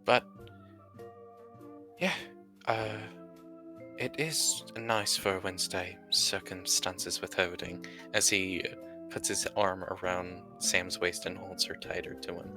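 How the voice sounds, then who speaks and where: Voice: sits low, fairly even intonation, slow, over music. A player in a live-streamed tabletop role-play game, speaking formally in character and narrating in the third person.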